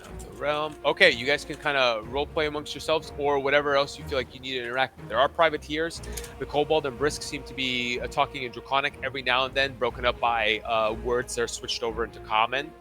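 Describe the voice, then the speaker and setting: A man's voice: medium pitch, steady tone, quick pace, sharp tone, soft background music. A man narrating a tabletop game as its game master, loose and rambling with many fillers.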